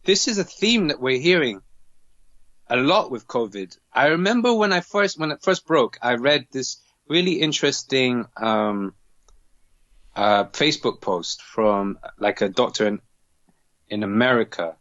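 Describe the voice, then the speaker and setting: A male doctor speaking as a guest in a casual interview, earnest and halting, with many restarts. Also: mid-range voice, expressive, fairly bright tone, no room sound, lo-fi sound.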